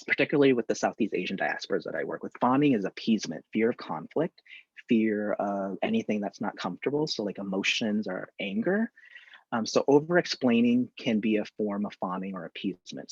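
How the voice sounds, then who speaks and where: A man talking as a therapist in a live online conversation, candid and animated, acting out examples from his work. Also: lowish voice, husky, no room sound, muffled recording.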